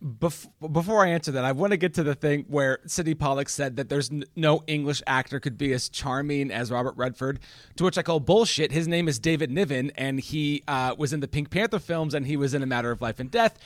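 A young man, a podcast guest, chatting casually about film, animated and swearing freely. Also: fairly high pitch, brisk, no echo, clean studio sound.

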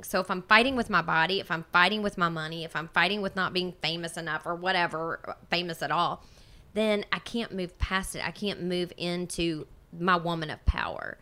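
A woman with a slightly low voice talks in a casual chat. She rambles in an earnest, self-reflective way as she works through her thoughts. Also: pushed and bright.

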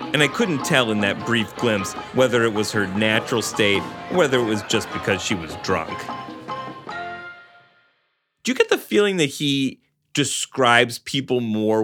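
The man's voice moves widely in pitch as he reads, lively and animated, with music playing clearly behind him. He switches easily between reading the narration and chatting with laughter. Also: measured pace. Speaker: podcast co-host reading a novel aloud. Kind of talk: book reading with casual commentary.

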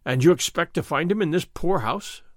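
Man playing stern old friar, deep voice, blunt, defiant, audiobook, dry recording. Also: lively intonation, moderate pace, dry recording, close to an everyday voice. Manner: firm, defiant, plain-spoken. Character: stern older male friar, blunt and proud. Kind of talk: audiobook character reading.

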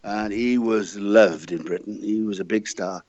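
Chatty older Welsh man, low voice. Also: steady tone, measured pace, a little mellow, no room sound, dull audio. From Wales. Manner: chatty, jovial anecdote teller. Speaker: guest. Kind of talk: casual interview storytelling.

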